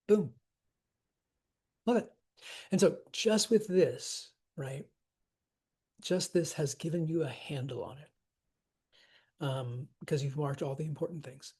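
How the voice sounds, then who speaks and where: Slow, husky-voiced man teaching verse. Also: fairly high pitch. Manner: relaxed, encouraging, talks through examples.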